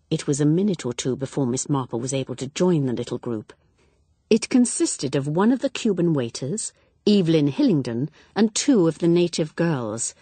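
A woman narrating a mystery novel in a measured, expressive storytelling voice. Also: low-pitched, breathy edge, no echo. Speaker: audiobook narrator. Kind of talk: scripted narration.

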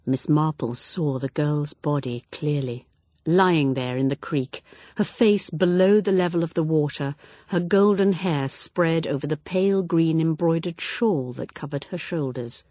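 Husky woman narrating a mystery. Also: low voice, unhurried, mellow, dry recording. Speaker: audiobook narrator. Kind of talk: scripted narration.

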